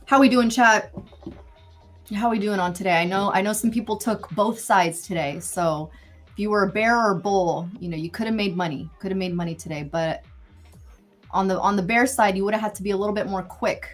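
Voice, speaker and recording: A woman's voice: medium pitch, a little fast, soft background music. A woman hosting a live trading stream, thinking aloud about the market in a chatty, easygoing way. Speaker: host trader. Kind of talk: casual live trading commentary.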